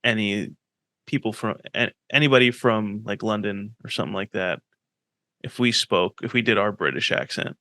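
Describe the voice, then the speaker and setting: A young man co-hosting a podcast, chatting casually and animatedly, swearing freely and quick with opinions. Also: lowish voice, bright, forceful tone, dry recording, clean studio sound. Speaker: podcast co-host. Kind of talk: casual chat.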